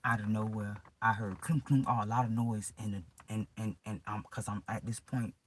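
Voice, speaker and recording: A man's voice: fairly low pitch, flat delivery, moderate pace, a little hiss or hum, low-quality recording. A man emotionally recounting a personal ordeal to his viewers in casual, profane, rambling speech full of restarts.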